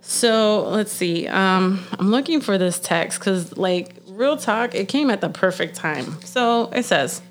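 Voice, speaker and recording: A woman's voice: mid-range voice, animated, slow, hardly any pauses. A young woman chatting casually and bluntly, swearing often and laughing a lot. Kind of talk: casual profane chat.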